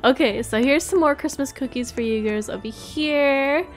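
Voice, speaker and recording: A bubbly woman hosts a family roleplay game, playing the mother in a high voice at a moderate pace. She's giggly and excitable, breaking into squealing high laughs and shouts.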